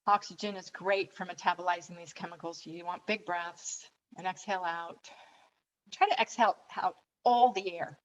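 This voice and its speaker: A woman coach leading a calm guided relaxation and breathing exercise, giving gentle step-by-step instructions. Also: fairly low pitch, normal speed, muffled recording.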